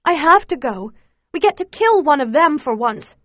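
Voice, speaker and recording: A woman's voice: big pitch swings, normal speed, a bit bright, dry recording. Woman voicing an eager, insistent young girl. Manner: high, pleading and insistent.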